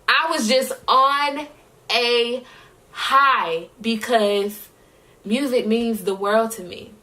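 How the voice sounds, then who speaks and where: A woman's voice: on the high side, pushed and bright. A young woman vlogging about her year as a singer, heartfelt and at times tearful. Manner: emotional, tearful, heartfelt, slow-spoken. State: crying at times. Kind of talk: personal vlog talk.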